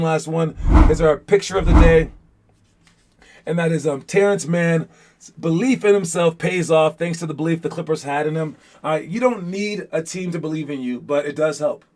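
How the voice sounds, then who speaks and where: High-voiced man giving a rambling pep talk. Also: darkish tone. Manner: rambling, full of fillers and restarts. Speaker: basketball coach giving a motivational talk. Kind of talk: casual motivational monologue.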